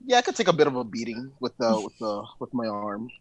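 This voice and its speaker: A man's voice: medium pitch, very animated, fast talker, highs cut off, a little hiss or hum. A man playing in a tabletop game, chatting casually, rambling and joking as he explains his moves. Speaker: player.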